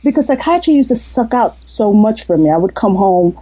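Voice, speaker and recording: The woman's voice is mid-range but swings widely in pitch, delivered briskly over dull audio with a little hiss or hum. A guest storyteller, she's a hypnotist and former nurse whose sincere, good-natured anecdotes come with many restarts and laughs.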